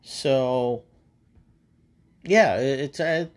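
A man's voice: mid-range voice, extremely slow. A man hosting a podcast in casual chat, rambling and swearing freely between laughs. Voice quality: rambling, profane, laughs often. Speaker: podcast host.

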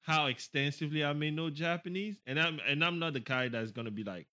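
A man chatting casually as a podcast co-host, telling an animated story full of fillers and acted-out quotes. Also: a little high, fairly quick. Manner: animated, acts out quoted voices, many fillers.

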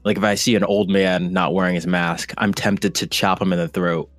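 Podcast guest: a low-pitched man, halting and casual, recorded dry. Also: flat delivery, fairly bright tone, no room sound, soft background music. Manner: hesitant, many fillers and restarts. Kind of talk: casual conversation.

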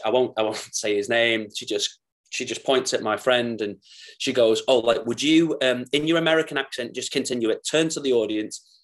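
A young man, an actor and podcast guest, telling rambling, giddy stories in casual chat. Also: mid-range voice. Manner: rambling, giddy, laughs through his stories.

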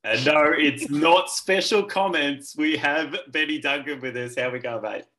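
A man's voice: a little high, moderate pace, bright, forceful tone, a little hiss or hum. An Australian man hosting a podcast, upbeat and chatty, bantering and laughing easily with his co-hosts. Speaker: podcast host.

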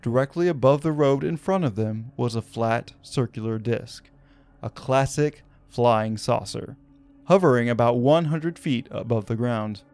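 A man's voice: mid-range voice, a little slow, darkish tone, dry recording. Casual male podcast storyteller. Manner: casual, with fillers like "kinda, like". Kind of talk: conversational narration of a paranormal story.

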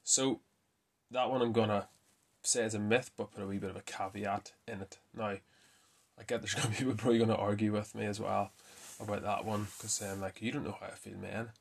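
A man hosting a casual fitness talk, chatty and quick to correct himself with a laugh. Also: fairly low pitch, little pitch movement. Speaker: fitness podcast host. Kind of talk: casual myth-busting talk.

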